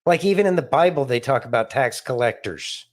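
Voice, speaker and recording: A man's voice: mid-range voice, lively intonation, brisk. A man hosting a podcast, chatting casually and making wry, sarcastic comments. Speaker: podcast host. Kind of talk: casual chat.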